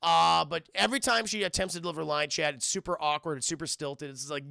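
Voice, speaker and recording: A man's voice: on the high side, fairly even intonation, fast talker, creaky, pushed and bright, dry recording, studio quality. A man doing a rambling, profane scene-by-scene film review, talking straight to his live chat. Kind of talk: casual livestream film review.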